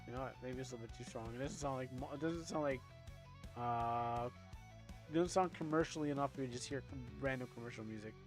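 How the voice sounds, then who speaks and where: A man's voice: mid-range voice, quick pace, faint music behind. A man streaming his own game, chatting casually and thinking aloud as he goes.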